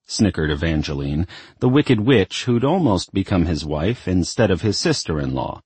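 A man narrating a novel as an audiobook in an expressive storytelling manner. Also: low-pitched, moderate pace, slightly rough, no echo.

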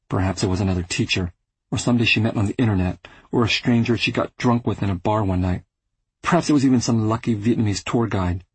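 A man reading a first-person literary audiobook, measured and restrained. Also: lowish voice, slightly rough, no room sound, rough recording. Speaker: audiobook narrator.

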